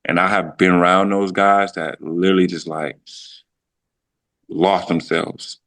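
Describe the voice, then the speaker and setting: Speaking unhurriedly in a low, slightly bright voice with fairly even intonation, a man in his thirties reflects on his career as a podcast guest. He played pro football, and his casual storytelling is loose, with frequent restarts and his own thoughts voiced as quotes.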